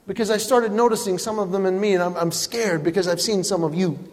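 A middle-aged man doing a stand-up comedy routine, telling family stories with animated punchlines on stage in a large hall. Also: high-pitched, quick pace. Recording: reverberant hall with faint ambience.

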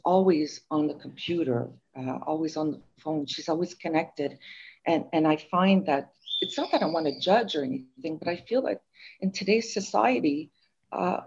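Older woman, interview guest, chatty storyteller, husky tone, muffled sound. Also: on the low side. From Montreal, Canada. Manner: chatty, animated storytelling with fillers. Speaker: guest author. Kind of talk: interview chat.

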